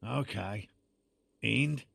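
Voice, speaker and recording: A man's voice: mid-range voice, very slow, gravelly, a bit bright, breathy edge, no echo, studio quality, heavily acted. An actor playing an earnest male cryptozoologist in a game, speaking formally and with measure. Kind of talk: game voice acting.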